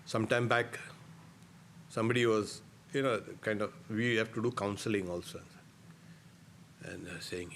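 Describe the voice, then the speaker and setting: A middle-aged man, a swami giving a spiritual discourse, emphatic and given to soft laughs at his own points. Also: lowish voice, fairly even intonation, a little slow, pauses often, slight background noise.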